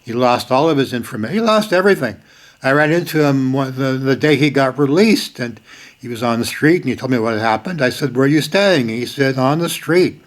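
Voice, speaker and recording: An older man hosts a video, talking straight to the camera in casual spoken commentary. He's emphatic, repeats key lines, and breaks into sudden bursts of force. His mid-range voice moves briskly.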